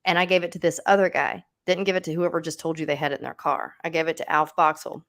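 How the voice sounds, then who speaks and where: A woman hosts a casual true-crime livestream, her voice a bit low. She talks in a loose, conversational way, full of fillers and asides to her co-host. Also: little pitch movement, fast talker, fairly bright tone.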